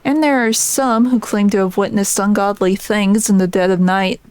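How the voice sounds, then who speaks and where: A woman reads aloud the dialogue of a grim, vengeful old fisherman from a game, using her own everyday voice and stumbling slightly on some words. Her mid-range voice is steady, a little mellow, clear and resonant, only lightly acted, and the recording is dry.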